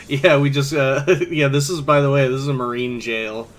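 A man's voice: medium pitch, fairly even intonation, moderate pace, hardly any pauses, faint music behind. Rambling man on a game stream. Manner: rambling, laughs often. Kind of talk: casual gaming commentary.

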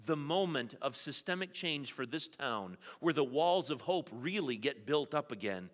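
A man's voice: medium pitch, animated, normal speed, a bit bright. A male pastor preaching a sermon in a church sanctuary, conversational with playful asides. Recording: long church reverb.

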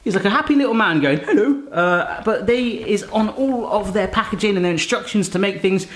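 A man's voice: high voice, brisk, a bit bright. A man in his thirties chatting and joking through a cooking vlog in his home kitchen, with rambling asides. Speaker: cooking vlogger.

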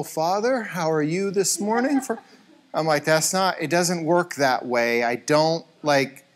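Casting: middle-aged male pastor, lively pitch, chatty storytelling sermon. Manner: storytelling, acts out voices in quotes, animated. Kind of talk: conversational sermon with anecdotes. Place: church sanctuary.

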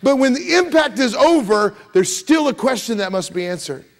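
Pastor guy preaching in church, pretty high voice, punchy, keeps repeating himself. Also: very animated, moderate pace. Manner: emphatic, repeats words, shifts between loud rises and soft drops. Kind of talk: sermon. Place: church sanctuary.

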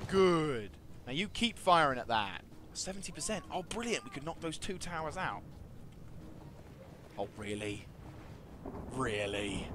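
A man giving casual commentary over a strategy game, talking to his units and swinging from quiet mumbles to excited shouts. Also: fairly high pitch, a little slow, noisy background. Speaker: gaming video host.

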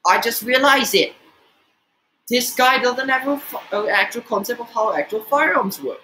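A man giving profane, exasperated reaction commentary, swearing often and jumping in pitch. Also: lively intonation, normal speed, sharp tone, slight background noise, poor audio. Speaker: reaction video host.

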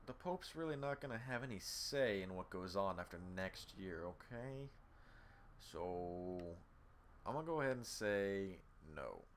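A man with a fairly low voice whose pitch jumps all over as he streams a game live. He chats casually with viewers, swears freely and reads the game's text out loud between his reactions. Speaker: gaming streamer. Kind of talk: casual live gameplay commentary, reading game text aloud.

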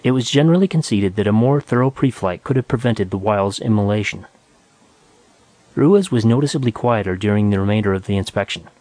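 A man's voice: lowish voice, brisk, dark tone, dry recording. Man reading a science fiction story. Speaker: narrator. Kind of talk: scripted audiobook narration.

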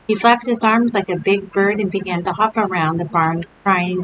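A woman reads a children's chapter book aloud, giving the story an expressive lilt. Her voice sits at a middle pitch. A steady hiss runs under the whole recording. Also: moderate pace, hardly any pauses.

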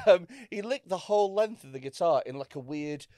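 A man's voice: high voice, darkish tone, no room sound, studio quality. A man co-hosting a comedy podcast, telling anecdotes with swearing and acted-out quotes. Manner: storytelling, swearing, acts out quotes. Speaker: podcast co-host. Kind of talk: casual comedy podcast chat.

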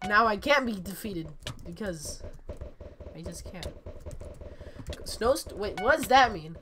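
Excitable woman with cracking voice. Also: medium pitch, measured pace, long pauses, slight background noise. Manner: excitable, chatty, frequent voice cracks. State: sick. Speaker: gaming channel host. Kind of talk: live gameplay commentary.

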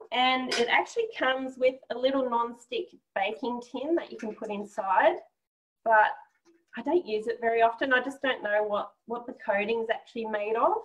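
A woman's voice: a little high, slight background noise, poor audio. Chatty woman with an Australian accent. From Germany. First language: German. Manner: chatty, encouraging, explains step by step. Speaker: cooking demo presenter. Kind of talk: live cooking demonstration.

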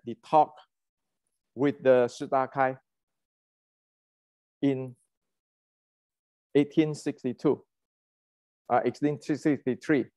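A man's voice: medium pitch, dark tone, no echo. Heated man. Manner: heated, ranting, many restarts and fillers. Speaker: martial arts channel host. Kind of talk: casual lecture.

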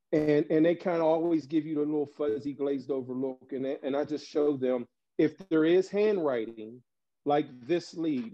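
A man giving an animated, conversational training talk to sales agents, telling stories and acting out door-knocking scenes. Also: on the high side, lo-fi sound. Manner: animated, storytelling, conversational with fillers. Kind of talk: energetic training talk with role-play.

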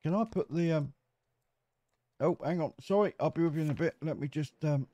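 A man with a fairly high, warm voice talks briskly, recorded with no room sound. He's a gameplay commentator doing a casual let's-play of a survival game, chatty and cheeky and joking with the game's characters.

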